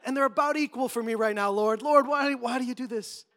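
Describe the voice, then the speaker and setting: A preacher doing a whiny, sulking prophet. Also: male voice, extremely high pitch, brisk, pitched above the performer's own voice. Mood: exasperated. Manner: whiny, loud, pleading. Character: sulking, despairing male prophet complaining to God.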